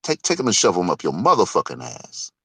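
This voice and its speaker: Heated profane man with lively pitch. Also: a little fast, creaky, a little hiss or hum. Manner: heated, profane, swings from loud to muttering; lively pitch, laughs between points. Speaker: online show host. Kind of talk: casual rant.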